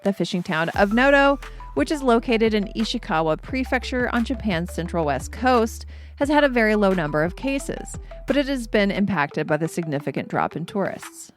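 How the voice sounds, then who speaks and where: A woman's voice: mid-range voice, very animated, normal speed, faint music behind. A woman co-hosting a podcast, reading a news article aloud in a put-on newscaster cadence and laughing easily. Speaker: podcast co-host.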